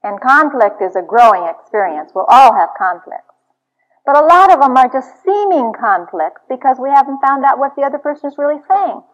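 A woman's voice: sits high, sing-song, normal speed. Earnest woman giving a church talk, lo-fi. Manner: earnest, confessional storytelling. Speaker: Christian marriage speaker. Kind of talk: teaching talk to an audience. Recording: dull lo-fi recording.

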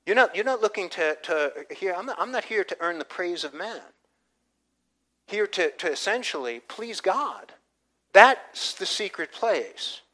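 A man's voice: high-pitched, sing-song, a little slow, pushed and bright, rough recording. An older man, a pastor, preaching a conversational sermon with frequent restarts and asides. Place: church.

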